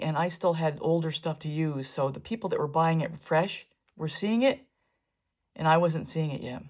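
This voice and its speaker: A middle-aged fluid art painter with a deep, darkish voice narrates a casual painting tutorial. She talks through it in a chatty, wandering way, making asides as she works.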